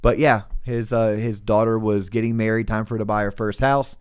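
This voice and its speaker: A middle-aged man hosting a podcast, telling a work story in a casual, animated way, acting out the voices he quotes, with stammered restarts. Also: lowish voice, a little fast, smooth. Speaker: podcast host and loan officer.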